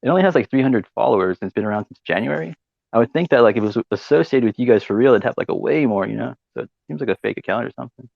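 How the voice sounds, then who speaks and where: A man hosts a live audio chat room, rambling quickly and swearing freely. His voice is gravelly. The recording is dry and lo-fi. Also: mid-range voice, lively intonation, no echo. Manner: rambling, swears, many fillers like "you know" and "right". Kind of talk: casual chat.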